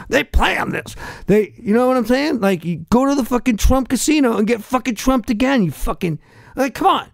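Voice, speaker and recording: A man's voice: high voice, fairly quick, creaky, no echo, studio quality. A middle-aged man with a Boston accent, a podcast guest ranting in profane, heated, rambling bursts. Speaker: podcast guest, hardcore musician. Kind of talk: ranting casual chat.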